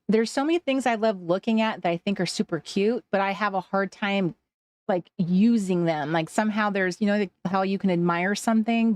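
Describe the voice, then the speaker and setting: A woman's voice: medium pitch, darkish tone, no room sound. A woman from Washington State hosting a casual craft livestream, chatting with viewers, laughing often and trailing off mid-sentence. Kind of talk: casual livestream chat reading viewer comments.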